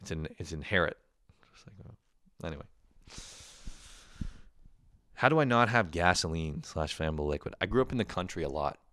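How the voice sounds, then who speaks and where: A Canadian man hosting his own show, talking in a casual comedic monologue, animated and swearing, laughing often. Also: low-pitched, fast, dry recording. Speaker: podcast host.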